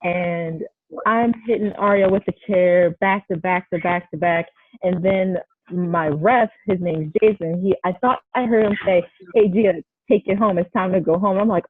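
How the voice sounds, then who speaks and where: Husky woman on a tinny line. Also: lowish voice, moderate pace. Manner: animated, acts out quoted dialogue. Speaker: wrestler, guest. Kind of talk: casual interview storytelling.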